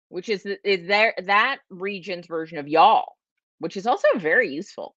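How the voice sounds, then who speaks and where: Hosting a livestream, a California woman rambles casually through viewer questions, leaning on "like" constantly. She has a mid-range, slightly nasal, somewhat bright voice and a Californian accent, and speaks at a measured pace. The sound is dull, lo-fi and dry.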